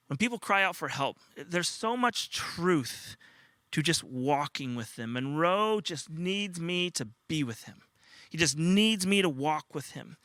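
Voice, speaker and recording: An older male pastor delivers a heartfelt sermon in a high, bright voice. He tells stories earnestly and sometimes acts out a small child's cries. The sound is dry and close. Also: no echo.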